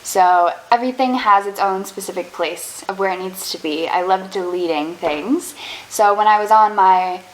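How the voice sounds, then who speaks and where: A woman's voice: medium pitch, slight background noise, low-quality recording. Young woman telling self-deprecating stories. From Canada. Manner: fast, animated and self-deprecating storytelling. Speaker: vlogger. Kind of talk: casual storytime.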